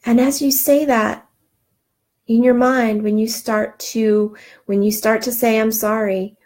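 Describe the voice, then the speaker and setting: A woman's voice: medium pitch, warm tone. A middle-aged woman giving an earnest, encouraging self-help talk, with frequent ums and restarts. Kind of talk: motivational talk.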